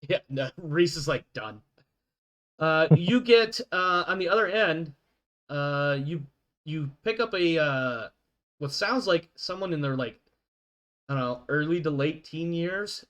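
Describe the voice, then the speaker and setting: A man's voice: on the high side, animated, unhurried, a bit bright. A man narrating a tabletop game as game master, chatty and self-deprecating, laughing often.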